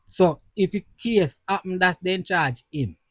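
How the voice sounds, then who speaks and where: A Jamaican man co-hosting a casual podcast chat, animated and repeating phrases for emphasis. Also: high-pitched, a little slow, no room sound. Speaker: podcast co-host.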